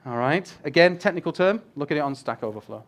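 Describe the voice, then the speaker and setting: A man's voice: a little high, quick pace. A man giving a casual, joking presentation on user experience design to a live audience, swearing now and then. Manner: animated, swears casually, jokes with the crowd. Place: event room with a live audience.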